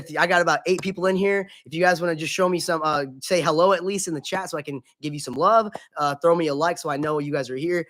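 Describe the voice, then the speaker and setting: A man's voice: fairly high pitch, fairly bright tone. A man hosting a casual gaming live stream, chatting in an upbeat, chummy way, greeting viewers by name and swearing casually.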